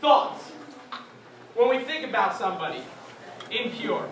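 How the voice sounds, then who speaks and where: A man from New Jersey giving a youth talk, animated, acting out little scenes and swinging from quiet asides to sudden shouts. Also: sits high, a little slow. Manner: animated, acts out quoted voices, swings from soft asides to shouts. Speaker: youth speaker. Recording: echoey hall, distant mic, audience noise.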